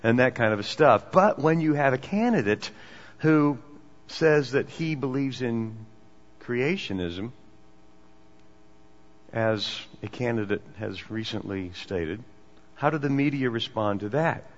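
Male preacher, mid pitch, emphatic then hushed; long hall reverb, muffled lo-fi sound. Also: expressive, slow pace, pauses often. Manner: swings between emphatic and hushed delivery. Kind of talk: sermon. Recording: dull, echoey hall recording.

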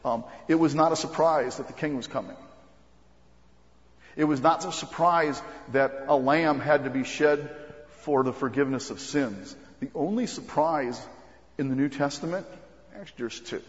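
A man preaching a sermon as pastor, earnest and halting, with frequent ums and restarts. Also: a little high. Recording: muffled recording with long hall reverb.

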